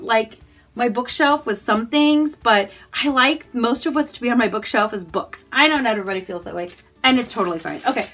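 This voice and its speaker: A woman from the United States chatting casually and enthusiastically as she unboxes a book subscription box, gasping and making quick asides about each item. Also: on the high side, expressive, fairly bright tone, soft background music. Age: adult, married.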